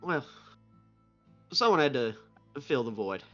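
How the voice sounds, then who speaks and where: A man's voice: mid-range voice, very animated, takes it slowly, fairly bright tone. A man putting on a drawling dead cowboy. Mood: laid-back. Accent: Southern US (put on). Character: dead cowboy man, laid-back and folksy. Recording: dull lo-fi stream audio, faint music.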